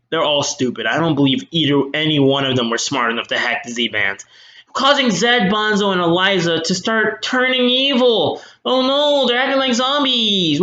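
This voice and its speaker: Snarky young reviewer, sharp bright tone, rambling fillers, roomy sound. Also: male voice, on the high side, lo-fi sound. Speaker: movie reviewer. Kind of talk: sarcastic movie recap. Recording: roomy echo.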